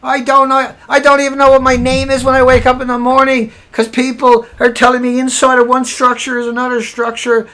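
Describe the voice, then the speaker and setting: A man's voice: very high-pitched, completely flat delivery, a little fast, few pauses, pushed and bright. A man hosting a livestream, tired and angry, ranting sarcastically with swearing, repeating himself and restarting sentences. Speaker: livestream host.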